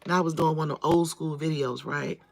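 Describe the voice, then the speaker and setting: With a low, gravelly, darkish voice and fairly even intonation, a woman speaks a little fast while hosting a casual livestream. She addresses her viewers directly, calls them by name, and repeats phrases for emphasis.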